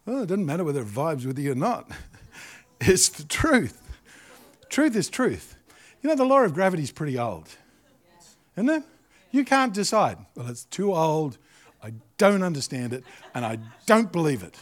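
A middle-aged man with an Australian accent preaching a sermon, animated and jokey, acting out little asides. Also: on the high side, moderate pace, pauses often. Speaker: pastor.

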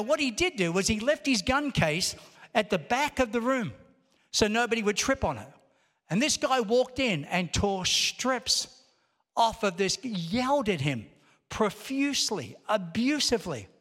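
Male preacher, high voice, storytelling sermon that builds to emphatic exhortation, big reverberant church hall. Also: sing-song, moderate pace, fairly bright tone. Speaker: pastor. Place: large church auditorium.

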